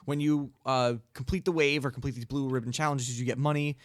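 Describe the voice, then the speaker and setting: A man rambles through a casual game chat on an internet radio show, full of ums and quick laughs. His voice sits at an ordinary middle pitch and is recorded close and dry, with no room sound. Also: fairly even intonation, dry recording. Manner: rambling, laughs often, many fillers. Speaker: co-host. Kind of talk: casual podcast chat about games.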